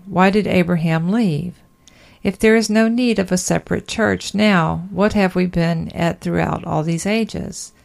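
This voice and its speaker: A woman's voice: fairly low pitch, creaky, a little mellow. A woman reading an old-fashioned sermon aloud, earnest and emphatic, full of rhetorical questions. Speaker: sermon reader.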